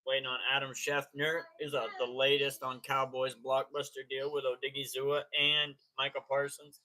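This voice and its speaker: Hosting a loose, casual live stream, a man keeps greeting his chat by name. His voice is a little high, bright and forceful, and he talks in easy slang.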